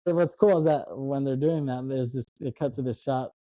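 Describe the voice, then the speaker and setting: A man with a very dark, mellow voice chats casually on a podcast, retelling a movie's plot in a loose, rambling way. He dips into brief put-on voices for the characters. The sound is dry and a little dull, like lo-fi podcast audio. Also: medium pitch, fairly quick, no echo. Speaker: podcast co-host. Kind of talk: casual film recap chat.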